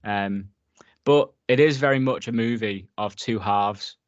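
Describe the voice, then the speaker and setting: Male podcast co-host, low-ish, easygoing, dry muffled sound. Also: unhurried, no room sound. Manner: relaxed, laughs often while talking. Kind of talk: casual film review chat.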